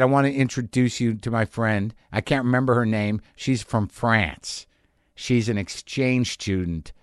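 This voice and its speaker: Man, podcast host, wry rambling storyteller, self-mocking, mid-pitched voice, dry close sound. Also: no echo. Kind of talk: conversational storytelling monologue.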